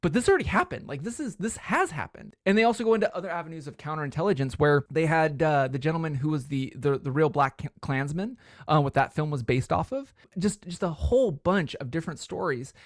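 A man's voice: a little high, lively intonation, fairly quick, hardly any pauses, no room sound, clean studio sound. A man co-hosting a podcast, chatting in a rambling, enthusiastic way. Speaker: podcast co-host. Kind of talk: casual chat.

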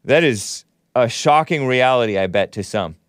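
A man's voice: medium pitch, expressive, moderate pace, clear, resonant tone, dry recording, studio quality. A man hosting a solo commentary show, sarcastic and given to chuckling at his own remarks. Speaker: show host.

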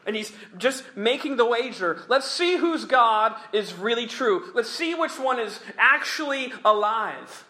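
A man preaching a sermon and reading scripture aloud, emphatic, slowing down for weight and chuckling between points. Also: extremely high pitch, lively intonation, sharp tone.

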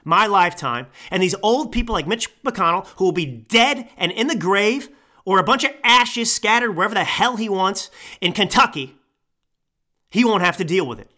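A man in his thirties rants angrily into a microphone as a podcast host. His voice sits high and swings widely in pitch. The tone is bright and forceful, close to a yell. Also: animated, moderate pace. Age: 30s. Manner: angry, ranting, yelling. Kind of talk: political commentary rant. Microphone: studio microphone.

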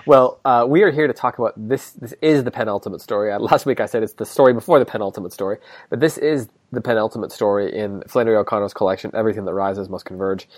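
Give me a male podcast host with a lowish voice, talking casually and jokingly over a wired earbud headset, in a dry, close sound with no room echo. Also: fast talker, darkish tone. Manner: joking, chatty, with filler words. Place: hotel room.

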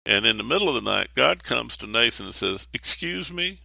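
A man, a pastor, talking through his sermon plan in lively storytelling style, acting out voices in quotes. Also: lowish voice, fairly quick, gravelly, slight background noise. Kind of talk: podcast sermon preview.

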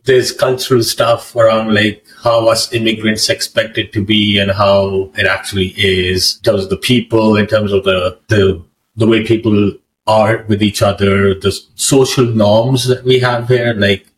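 A man's voice: lowish voice, far from the mic, slight background noise, poor audio. A man from Pakistan in his thirties, a podcast guest chatting casually, with lots of "like" and restarts. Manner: rambling, full of "like" and restarts, laughs often. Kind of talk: casual conversational storytelling.

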